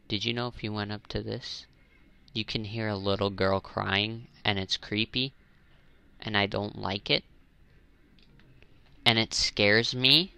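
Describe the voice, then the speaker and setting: Young male gamer, slow-talking, gravelly, rambly jokey commentary, voice jumps up when exasperated. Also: steady tone, sharp tone, dry recording. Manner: rambling, jokey, rising into high exasperated questions. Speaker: gaming channel host. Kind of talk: casual gameplay commentary.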